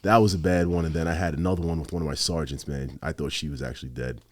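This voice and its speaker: A man, a former police officer, telling stories on a podcast in a casual, animated way, swearing a lot and acting out what he said at the time. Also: very deep voice, quick pace. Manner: animated, heavy swearing, quotes himself. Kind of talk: casual storytelling.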